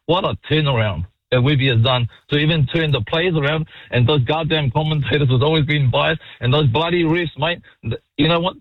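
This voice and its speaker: A man calling a sports radio talkback show, blunt and excitable, swearing freely and calling everyone mate. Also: a little high, brisk, dry recording. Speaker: caller. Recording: muffled phone line, dry.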